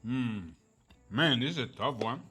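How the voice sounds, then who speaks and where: Bright-voiced, enthusiastic male food host. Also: mid-range voice, animated, measured pace, breathy edge, faint music behind. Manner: enthusiastic, exclaiming over flavors. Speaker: cooking show host. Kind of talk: casual food tasting chat.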